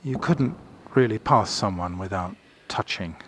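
A man's voice: lowish voice, animated, measured pace, a little hiss or hum. A man, an art critic and host, narrating a walking tour and describing his surroundings step by step, slightly out of breath. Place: indoor gallery corridor.

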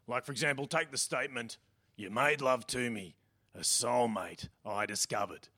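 A man voicing a crude, deadpan bluesy dude with an Australian accent, talking and singing with guitar on a comedy stage. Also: mid-range voice, normal speed, vocal fry, voice pushed down.

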